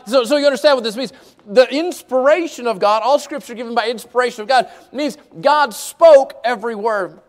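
A man preaching a sermon, emphatic, repeating key words and swinging between fast and slow delivery. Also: high voice.

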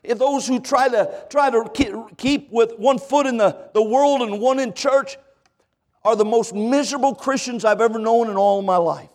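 A man's voice: very high-pitched, moderate pace, darkish tone. A middle-aged man preaching a sermon, telling stories with quoted dialogue and repeating questions to drive home his point.

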